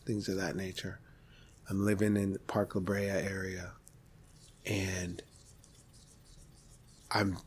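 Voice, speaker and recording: A middle-aged man from Los Angeles, a podcast guest, tells a candid story from his past in an animated way, rising sharply and then dropping off softly. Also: fairly low pitch, slight background noise. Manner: vivid, animated retelling with sudden rises and soft drop-offs.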